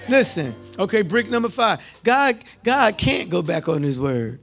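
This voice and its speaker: A high-pitched man delivers a sermon. He calls out questions to the crowd, repeats his lines for emphasis, and swings from near-shouts to hushed speech. Soft music plays behind him. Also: sing-song, a little slow, creaky. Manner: call-and-response, repetitive, swings from loud to hushed. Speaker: preacher.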